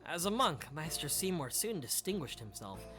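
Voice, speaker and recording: A game streamer reading the lines of a devoted old male retainer in a slightly lower, folksy voice. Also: sing-song, normal speed, sharp tone, soft background music. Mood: proud. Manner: old-fashioned, folksy phrasing. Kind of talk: reading game dialogue aloud.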